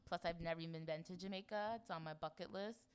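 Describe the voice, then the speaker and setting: A young woman from Florida, co-hosting a podcast in chatty, animated casual conversation. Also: fairly low pitch, fast, smooth. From Florida, United States. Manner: chatty and animated, swings into playful put-on voices. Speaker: podcast co-host. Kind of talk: casual chat.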